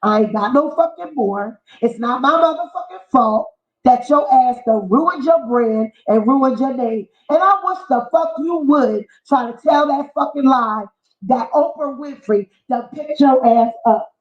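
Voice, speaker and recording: Ranting woman vlogger, high voice, cursing and mocking, echoey lo-fi room. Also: a little slow. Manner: profane, heated, mocking rant. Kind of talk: ranting commentary vlog. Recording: echoey, dull lo-fi room sound.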